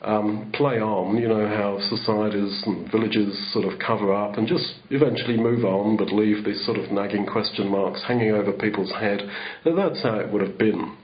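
A man's voice: fairly low pitch, fairly even intonation, moderate pace, highs cut off. A man giving a sermon in a rambling, conversational way, full of restarts. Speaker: preacher.

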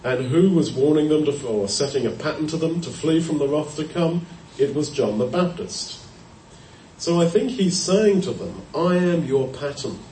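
A man giving a Bible teaching sermon, explaining verses in a measured way with pauses and self-corrections. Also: on the high side, expressive, mellow. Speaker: preacher. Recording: roomy, distant mic, faint background noise.

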